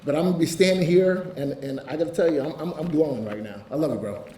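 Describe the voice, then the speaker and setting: A man's voice: on the high side, fast. A man giving an emotional, earnest speech as fire chief at a ceremony, often saying "you know". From Ohio, United States. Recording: echoey room, distant mic, faint hiss.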